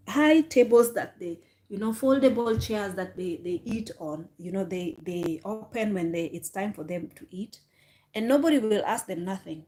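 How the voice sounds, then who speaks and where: Animated woman telling work stories. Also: medium pitch. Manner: animated storytelling, mimics passengers. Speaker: vlogger, former flight attendant. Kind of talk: casual livestream chat.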